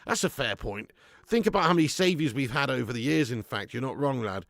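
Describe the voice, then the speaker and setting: A man hosting a live football watch-along, excitable and sweary, breaking into shouts at the action. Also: medium pitch, brisk, vocal fry, no echo. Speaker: fan channel host.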